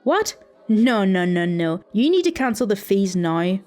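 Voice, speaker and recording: A woman's voice: mid-range voice, sing-song, a little slow, a little mellow, faint music behind. A woman voicing an indignant elderly man who argues with his bank over fees, in a storytime reading. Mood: angry. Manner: indignant, stubborn and accusing.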